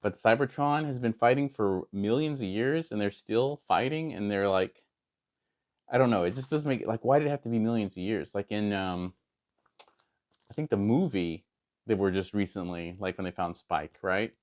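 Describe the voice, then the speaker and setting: A man with a very low voice chats casually as he reviews a comic book. He rambles and hesitates, restarts his sentences, and fills pauses often. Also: darkish tone. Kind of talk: casual chat.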